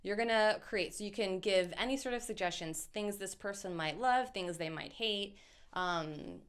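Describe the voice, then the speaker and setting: A woman's voice: medium pitch, moderate pace, a bit bright, clear, resonant tone. A woman co-hosting a live comedy stream, reading audience suggestions in a bubbly way. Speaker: co-host picking chat suggestions.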